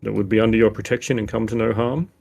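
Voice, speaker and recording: A man playing a tabletop game who asks calm, probing questions in character. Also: fairly low pitch, fast, vocal fry, breathy edge, soft background music. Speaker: player. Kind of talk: tabletop role-play.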